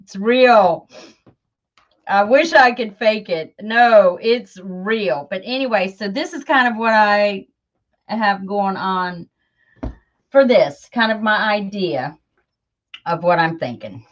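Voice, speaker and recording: Woman crafting host, unhurried, rambly, muffled lo-fi sound. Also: mid-range voice. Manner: chatty, self-deprecating, many fillers. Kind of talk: casual livestream chat while crafting.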